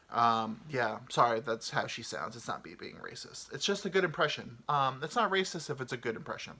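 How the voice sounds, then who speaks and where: A man hosting a comedy podcast, telling a travel story in a rambling, swearing, animated way. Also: medium pitch, a little fast, hardly any pauses, breathy edge. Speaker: podcast host.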